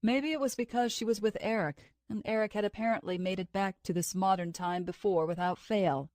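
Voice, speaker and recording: Reading an audiobook from a script, a woman keeps a steady, measured pace at a medium pitch. There's no room sound in this studio-quality recording.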